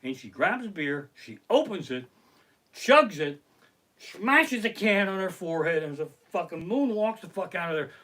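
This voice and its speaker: A middle-aged man does comic storytelling on a home live stream, swearing freely and acting out his tales. His voice sits a little high and sounds bright and forward. His pitch leaps around expressively. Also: normal speed. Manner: profane, animated storytelling. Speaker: comedian. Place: home living room. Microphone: basic home streaming setup.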